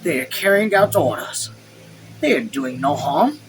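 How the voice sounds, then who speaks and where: A man voicing a cold, polite occupying army colonel in a read-aloud story, measured and insistent. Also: a little high, lively intonation, soft background music, poor audio. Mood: cool.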